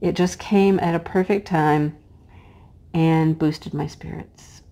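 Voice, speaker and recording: Middle-aged female crafter, hoarse and cracking, chatty and homey, talks slowly while she works. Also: low-pitched, steady tone. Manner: chatty and homey, drops to a hush while placing pieces. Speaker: crafting vlogger and teacher. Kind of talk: casual chat while diamond painting.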